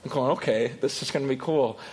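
A middle-aged pastor preaching a sermon, animated, acting out voices, sometimes dropping to a quiet confessional tone. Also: male voice, brisk, husky. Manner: animated, acts out voices with rising pitch and loudness.

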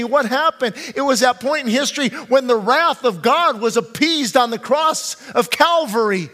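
A male pastor preaching a sermon, swinging between hushed pleading and fervent shouting and repeating phrases for emphasis. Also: very high-pitched, lively intonation, normal speed, hardly any pauses, long reverb tail. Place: church sanctuary.

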